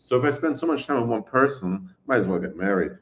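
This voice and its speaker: A man's voice: mid-range voice, big pitch swings, fast, fairly bright tone. A man chatting casually on a live stream, rambling and oversharing as he answers his viewers' questions and laughs often.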